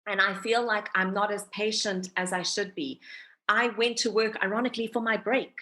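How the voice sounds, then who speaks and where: Her mid-range voice holds a fairly even intonation at a normal speed, with a sharp tone. She is a South African woman in her thirties who works as a radio presenter, talking openly and often laughing during a relaxed podcast interview where she is the guest.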